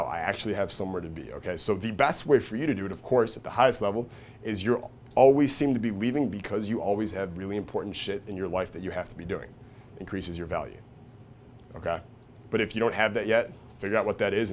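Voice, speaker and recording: A man with a lower-than-average voice runs a casual, profane seminar, constantly checking in with the audience. He jumps into loud, high-pitched impressions when quoting people. Faint room noise sits under the recording. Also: fast. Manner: profane, energetic, keeps checking in with "right?" and "okay?"; acts out quoted voices with big jumps in pitch and volume. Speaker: seminar speaker. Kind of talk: live seminar talk to an audience.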